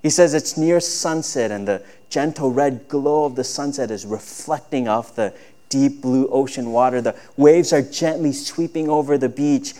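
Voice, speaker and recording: A man preaching a sermon as a pastor, talking in a conversational way and acting out quoted voices with lively shifts. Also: mid-range voice, moderate pace.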